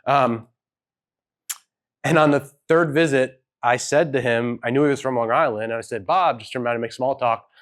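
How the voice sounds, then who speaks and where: Speaking at moderate pace in a medium-pitched voice, a father gives a storytelling keynote before an audience in an event hall. He keeps it conversational and hedging, acting out the dialogue of the people he quotes.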